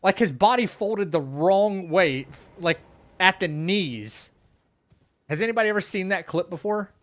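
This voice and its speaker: Young male streamer, slightly high voice, rambling and laughing, mutters to the game. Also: lively intonation, a little slow. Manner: laughs often while telling stories. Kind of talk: casual live-stream chat.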